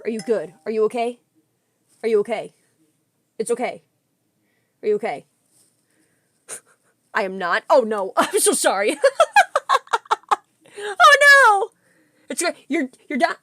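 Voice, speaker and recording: A young woman chats with her stream audience in a bright, high voice that leaps all over the place. She tells stories excitably and giggles often. The sound is dry and close to the mic. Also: no echo. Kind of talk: casual livestream chat with viewers.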